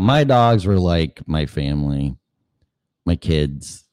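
A man's voice: sits low, lively intonation, takes it slowly, long pauses, dark tone, no echo. A man hosting his own show, rambling in a profane, conversational way and asking rhetorical questions. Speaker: show host. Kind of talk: casual rambling monologue.

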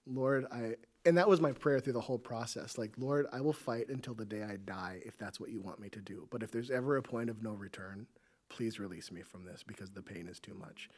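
A man with a low, husky voice shares his testimony softly and reflectively. His speech is casual and unhurried. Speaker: guest sharing testimony. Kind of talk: casual personal storytelling.

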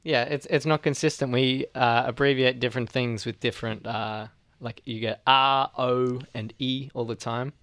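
Australian male co-host, smooth clear voice, dry close sound, playful mock-outrage in a casual debate. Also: mid-range voice, steady tone, normal speed, a bit bright, dry recording. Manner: playful, mock-indignant arguing.

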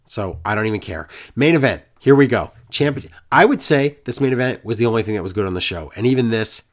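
A man's voice: on the low side, animated, fast talker. A man co-hosting a casual wrestling recap podcast, ranting in a sarcastic, exasperated way.

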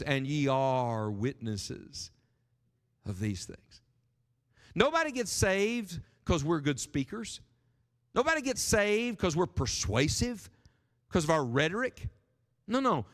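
A man pastor preaching a sermon, animated and emphatic, rising and dropping his voice for stress. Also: a little high. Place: church sanctuary. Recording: sermon with long hall reverb.

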